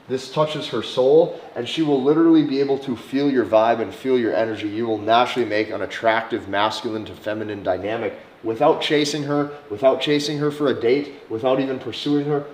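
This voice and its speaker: A man coaching his viewers on dating, speaking in a middle-range voice with a slow, deliberate delivery. Now and then he drops into a soft, hushed tone to act out example lines. The sound has a noticeable echo, as if recorded in a bare room. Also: medium pitch, slight background noise. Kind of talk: instructional monologue to camera. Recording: echoey room.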